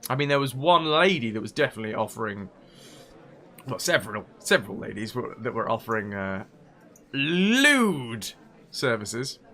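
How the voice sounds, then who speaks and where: A man's voice: lowish voice, fairly quick, sharp tone. A man streaming a role-playing game, reading quest text aloud and joking with his chat in a casual, laughing way. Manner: joking, chatty, laughs often.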